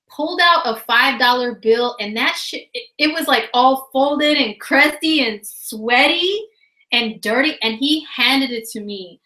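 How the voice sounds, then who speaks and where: A woman telling a funny personal story in a casual, animated way, laughing often and using lots of fillers. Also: sits high. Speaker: vlogger. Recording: roomy echo.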